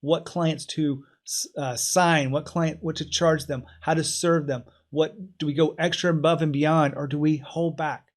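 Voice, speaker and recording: Man, podcast host, measured delivery, asks questions. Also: a little high, fairly even intonation. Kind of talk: interview host with solo commentary.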